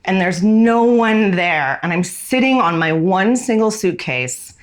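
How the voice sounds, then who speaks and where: A woman in her forties from the United States, a fashion designer, telling a personal story in a candid, reflective way that often slows down on key words. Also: mid-range voice, animated.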